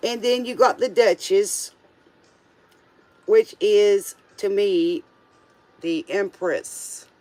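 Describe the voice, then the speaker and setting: A man's voice: sits high, very slow, pauses often, a little mellow, no room sound. A man doing a casual tarot reading, chatty and playful, with joking asides. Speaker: tarot reader.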